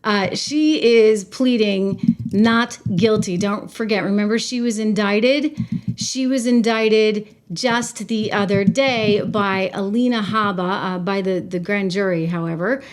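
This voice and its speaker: A woman hosting a casual political commentary stream, talking to viewers in an animated, emphatic way with frequent restarts and asides. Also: mid-range voice, slow.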